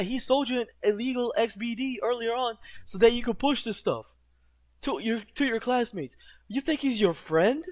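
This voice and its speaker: Blunt ranting man, slightly high voice. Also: no room sound. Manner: mocks characters in put-on quotes. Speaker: commentator. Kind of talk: reaction commentary.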